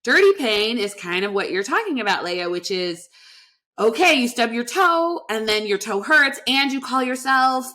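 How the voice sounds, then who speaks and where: A woman in her thirties hosts a podcast in a somewhat high, bright voice. She affirms her guest warmly, chats in a casual way, and now and then puts on the voice of a harsh inner critic. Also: lively intonation, normal speed. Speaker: podcast host psychologist. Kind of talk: casual interview conversation.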